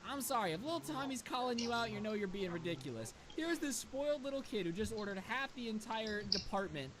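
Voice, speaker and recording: A man telling a story in an animated, sarcastic way. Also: high-pitched, a little fast. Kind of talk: storytime narration. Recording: noisy background hiss.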